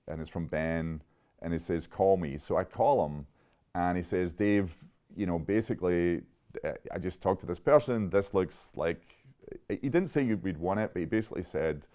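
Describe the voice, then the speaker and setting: Man in his 50s, deep voice, animated storyteller who laughs as he talks, interview setting. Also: normal speed. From Scotland. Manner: animated, laughing often, restarts mid-sentence. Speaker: interviewee, chemist.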